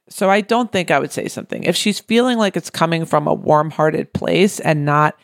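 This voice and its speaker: Creaky-voiced woman co-hosting a chat. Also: low voice, moderate pace, few pauses, dry recording, clean studio sound. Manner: thoughtful, asks herself questions. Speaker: podcast co-host. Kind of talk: casual chat.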